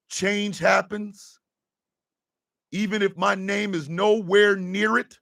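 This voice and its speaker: A man hosting a radio show, delivering an impassioned, profane rant that swings from a low intense murmur to shouting. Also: fairly even intonation, slow pace, vocal fry, no room sound, studio quality.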